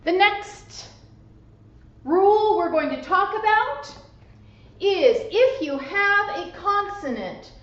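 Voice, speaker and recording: A woman English teacher giving a slow, deliberate grammar lesson, spelling out letters and stressing syllables carefully. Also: extremely high pitch, expressive, fairly bright tone. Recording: echoey room, dull lo-fi sound.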